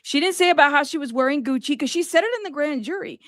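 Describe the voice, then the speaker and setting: Woman streamer, reactive live commentary, fairly high voice, dry close mic. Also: fast, dry recording. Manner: animated, exasperated reactions. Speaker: livestream host.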